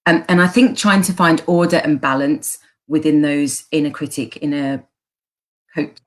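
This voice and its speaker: A woman's voice: deep voice, steady tone, normal speed. A woman with a Birmingham accent, a coach giving encouraging advice in a casual chat and often restarting her phrases. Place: live online chat.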